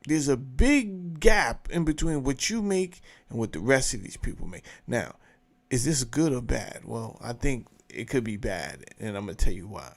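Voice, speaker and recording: A man's voice: mid-range voice, sing-song, moderate pace. A man hosting his own show, giving blunt, profane, emphatic commentary in a casual rant. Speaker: show host commenting on a clip.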